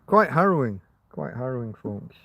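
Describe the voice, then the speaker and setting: A man's voice: mid-range voice, big pitch swings, normal speed, creaky, dry recording, dull audio. A man hosting a casual livestream, rambling and chatting to his viewers with frequent restarts. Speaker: livestream host.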